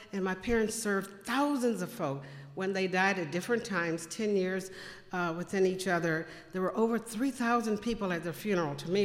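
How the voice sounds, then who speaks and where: A woman speaking to a congregation, telling personal faith stories and acting out the dialogue with big jumps in voice. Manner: animated, acts out quoted dialogue with big pitch jumps. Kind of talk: testimony storytelling to a congregation. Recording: echoey hall with long reverb.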